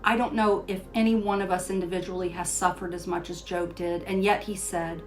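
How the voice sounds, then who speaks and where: An older woman hosting a Christian devotional show, telling a personal story in a gentle way and reading scripture aloud. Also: lowish voice, level tone, a little fast, faint music behind. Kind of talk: devotional storytelling and Bible teaching.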